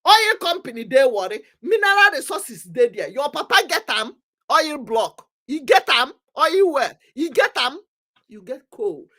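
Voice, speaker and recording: Nigerian woman, fervent community talk, emphatic and repetitive, fairly high voice that swings widely. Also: very animated, measured pace, bright, forceful tone. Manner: emphatic, repetitive, preaching urgency. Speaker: commentator on community affairs. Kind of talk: impassioned talk mixing English, Pidgin and Igbo.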